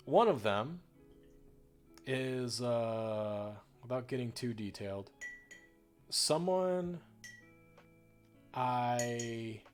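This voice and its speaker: A young man from the northern United States, chatting casually while he paints on a livestream, rambling and swearing freely with lots of fillers. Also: medium pitch. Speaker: streamer. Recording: faint music behind.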